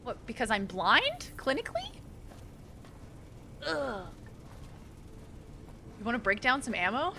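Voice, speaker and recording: This young Boston-area streamer, with her Boston accent, chats loosely with viewers during gameplay, poking fun at herself and talking plenty. Her voice runs fairly high with huge swings in pitch, slow and full of pauses, over background noise.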